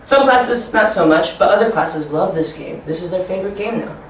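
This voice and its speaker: A man training teachers, talking encouragingly and acting out excited children in a high voice. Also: fairly quick, a little hiss or hum. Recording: echoey room from far off.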